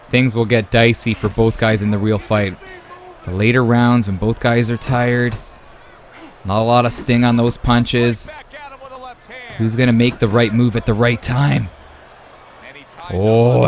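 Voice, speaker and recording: A man hosting his own channel, giving casual, excitable play-by-play commentary on a simulated boxing video game and tossing in "man" and "brother" as he talks. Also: mid-range voice, a little slow, gravelly. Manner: excitable, jumps to loud exclamations at big moments. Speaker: YouTube sports host.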